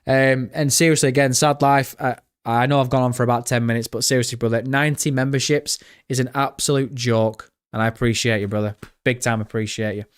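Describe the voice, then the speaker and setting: A young British man live-streaming, chatting excitedly with his viewers and swearing freely. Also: mid-range voice, brisk, hardly any pauses, smooth. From Britain. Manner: excitable, swears often, chats directly to viewers. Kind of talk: casual live-stream chat.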